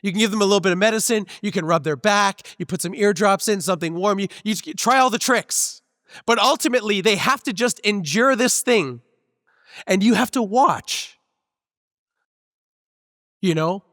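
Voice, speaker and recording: High-voiced man preaching a sermon. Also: normal speed, no echo, clean studio sound, big-room sound. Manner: conversational, relaxed preaching with personal stories. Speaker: pastor. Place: church sanctuary.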